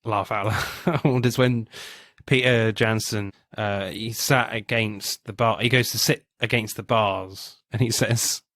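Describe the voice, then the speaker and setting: A man's voice: fairly low pitch, fairly even intonation, unhurried, few pauses, a bit bright, dry recording. A man co-hosting a casual film podcast, laughing often and reading quotes aloud. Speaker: podcast co-host. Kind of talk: casual film review chat.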